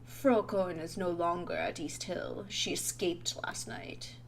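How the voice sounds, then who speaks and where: A woman voicing an older male doctor with a British accent, speaking in a measured, solemn way. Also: fairly low pitch, steady tone, slight background noise, close to an everyday voice. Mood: reassuring.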